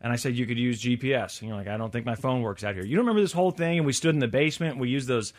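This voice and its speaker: A man's voice: mid-range voice, very fast. A man hosting a podcast, retelling a story in casual chat and acting out the quoted voices. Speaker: podcast host.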